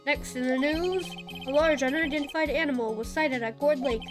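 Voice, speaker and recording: A streamer voicing a formal TV news anchor in a measured announcer cadence. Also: female voice, sits high, over music, natural voice. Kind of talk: mock news broadcast reading.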